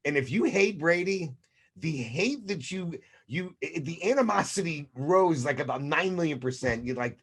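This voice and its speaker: Male podcast co-host, lively storyteller, wide pitch swings, casual. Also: normal speed, slightly rough. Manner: animated storyteller who acts out reactions. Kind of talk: casual sports chat.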